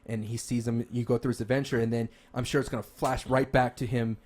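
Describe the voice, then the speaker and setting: A podcast co-host with a medium-pitched, darkish voice talks fast with little pitch movement. He chats casually and enthusiastically about games and movies, rambling with plenty of restarts and fillers.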